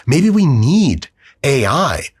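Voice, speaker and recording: Male podcast host, solo monologue, husky and lively, dry close sound. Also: medium pitch, no room sound. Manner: animated, profane, acts out quick voices in his story.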